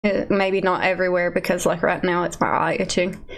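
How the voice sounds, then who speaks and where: Kentucky woman rambling on stream, lots of vocal fry, laid-back chatty. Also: fairly low pitch, flat delivery, brisk. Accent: Eastern Kentucky. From Eastern Kentucky, USA. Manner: rambling, chatty, self-deprecating. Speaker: livestreamer. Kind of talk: casual chat to a live chat.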